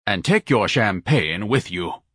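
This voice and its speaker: A man's voice: on the low side, expressive, measured pace, fairly bright tone, slightly rough, no echo, clean studio sound, full character voice. A male narrator voicing a pompous, fussy man who is easily outraged, speaking muffled through a scarf. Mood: haughty.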